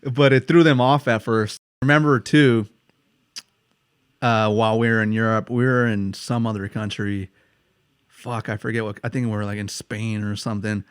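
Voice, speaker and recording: A young American man co-hosts a podcast, chatting casually, swearing a lot and laughing as he tells stories. His voice is on the low side, clear and resonant, with fairly even intonation and a moderate pace. The recording is dry, with clean studio sound.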